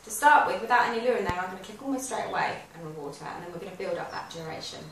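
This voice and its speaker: Racing along in a mid-range voice with lively intonation, a woman who trains dogs offers chatty, practical step-by-step instructions. This how-to video has echoey room sound and faint noise.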